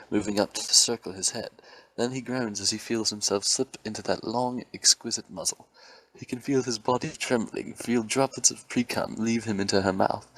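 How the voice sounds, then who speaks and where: A man narrating an amateur story reading in a steady, dramatic way. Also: lowish voice, poor audio. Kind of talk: amateur reading of erotic fiction.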